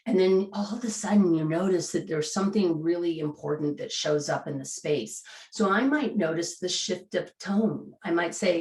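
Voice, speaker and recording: A woman leads a coaching workshop in an animated, conversational way, acting out the questions she would put to a client. Her voice sits a little low, and it carries a roomy echo. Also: normal speed, hardly any pauses. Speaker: coaching trainer. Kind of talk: live online coaching workshop.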